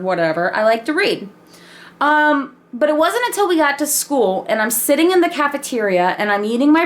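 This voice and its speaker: A woman telling a personal story in a casual, animated way, laughing and swearing freely. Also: a little high. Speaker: vlogger.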